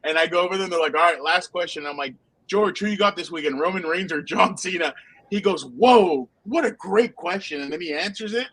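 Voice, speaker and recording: A man co-hosting a casual football podcast, telling animated anecdotes and laughing often. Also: on the high side, fast, poor audio. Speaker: podcast co-host, football reporter. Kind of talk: casual sports podcast chat.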